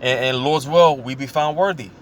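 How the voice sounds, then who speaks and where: Casual man preaching over faint traffic. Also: mid-range voice. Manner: casual, repeats filler words like "man" and "you know"; reads scripture aloud slowly. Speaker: scripture teacher. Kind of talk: informal preaching.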